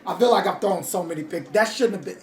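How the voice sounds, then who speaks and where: A man's voice: high-pitched, fast talker, soft background music, some chatter behind. A man doing casual, hyped commentary over his own video game, talking straight to his viewers in slangy speech. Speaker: gaming YouTuber.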